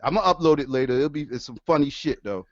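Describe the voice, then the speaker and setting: A man ranting on his stream in a casual, profane, animated way, laughing often. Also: a little high, fast talker, no echo. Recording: dull lo-fi dry sound.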